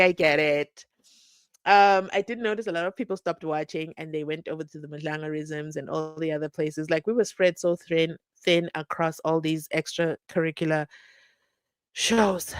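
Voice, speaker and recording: A woman's voice: lowish voice, no echo. A woman hosting a live stream in casual chat, reacting animatedly to viewer comments. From South Africa.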